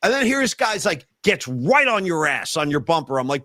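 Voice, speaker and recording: A man hosting a podcast, telling stories in a casual, animated way and acting out his own yelling. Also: fairly high pitch, normal speed, hardly any pauses, no room sound, clean studio sound. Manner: animated storytelling, acts out yelling. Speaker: podcast host. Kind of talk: casual chat.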